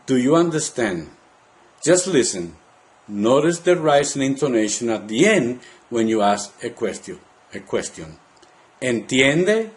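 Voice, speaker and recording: A man teaching a language lesson, saying words slowly and part by part for the listener to repeat. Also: mid-range voice, darkish tone. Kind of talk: slow, deliberate language lesson.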